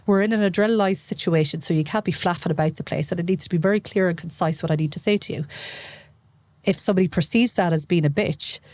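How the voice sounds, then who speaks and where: A middle-aged Irish woman, an emergency medicine consultant, telling stories in an animated way and acting out the dialogue as a podcast guest. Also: lowish voice, quick pace, dry recording. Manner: animated storytelling, acts out quoted dialogue. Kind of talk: casual interview chat.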